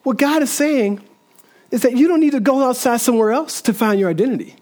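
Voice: high voice, fast, a little mellow. A pastor preaching a sermon earnestly, repeating phrases and building in bursts.

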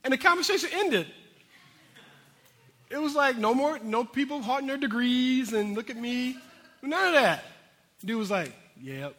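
A man's voice: very high voice, lively intonation, moderate pace, pauses often, bright, forceful tone, long reverb tail. A man preaching a sermon in a casual, conversational way, with frequent asides to his congregation. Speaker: pastor.

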